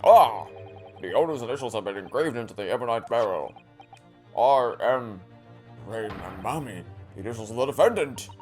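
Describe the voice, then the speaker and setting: A man voicing a stately, genial older judge, reading his lines with formal, lively delivery. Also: medium pitch, moderate pace, soft background music, lightly acted.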